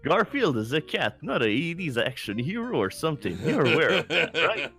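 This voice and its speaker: A man's voice: fairly high pitch, sing-song, normal speed, pushed and bright. A man co-hosting a stream, reading a review aloud in a casual, incredulous way and laughing often. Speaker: stream co-host.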